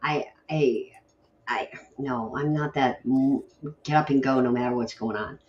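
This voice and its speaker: A woman's voice: extremely low pitch, unhurried, darkish tone, lo-fi sound. A woman hosting a late-night poetry stream, chatting casually in a rambling, grumbly, self-deprecating way. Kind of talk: casual chat.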